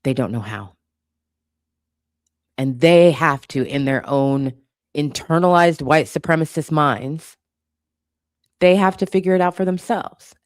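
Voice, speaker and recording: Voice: medium pitch, a little slow, long pauses, no room sound, studio quality. A channel host giving an impassioned commentary monologue, blunt and profane, hammering points home with repetition.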